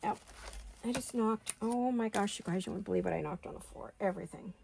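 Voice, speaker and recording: A woman's voice: medium pitch, fairly quick, gravelly, darkish tone, slight background noise. A middle-aged woman hosting a craft video, chatting casually to her viewers and to herself as she works. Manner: chatty, talks to herself while working.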